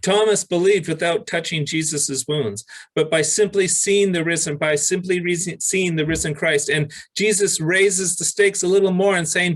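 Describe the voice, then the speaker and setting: A male pastor preaching a sermon, reading scripture aloud with pauses and restarts. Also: high-pitched, low-quality recording.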